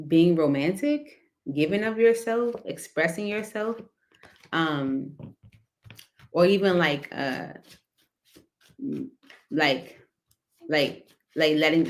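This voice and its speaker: A woman giving a casual tarot reading, talking loosely with lots of fillers and little laughs. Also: lowish voice. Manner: rambling, filler-heavy, laughs between cards. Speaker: tarot reader.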